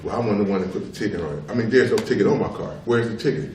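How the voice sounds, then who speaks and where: A man's voice: on the low side, very fast, darkish tone. A middle-aged man giving spoken testimony at a public tribunal as a father, talking emphatically and repeating himself to press each point. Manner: emphatic, repetitive, keeps asking "you know what I'm saying". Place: public hearing room. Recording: roomy hall, mic far off, faint noise.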